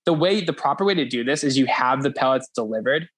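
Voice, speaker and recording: A man's voice: medium pitch, animated, fast talker, fairly bright tone. A young man hosting a podcast, chatting casually and rambling with frequent swearing and laughter. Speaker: podcast host. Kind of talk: casual chat.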